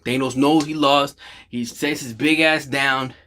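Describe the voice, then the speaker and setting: Excitable man gushing over a film. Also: mid-range voice, measured pace. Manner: animated, swears freely, acts out lines from scenes. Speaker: movie reaction host. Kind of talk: excited casual movie recap.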